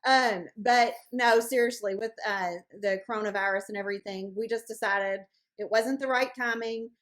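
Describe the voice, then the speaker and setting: A woman hosts a support group meeting over a video call, rambling through updates in a chatty, playful, casual way. Her voice is fairly high and fairly bright, with fairly even intonation at a normal speed.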